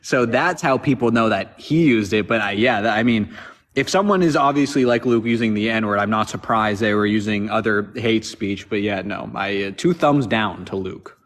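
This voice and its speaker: A man chatting casually on a livestream, quick to laugh and react. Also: on the low side, fairly bright tone. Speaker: livestream guest.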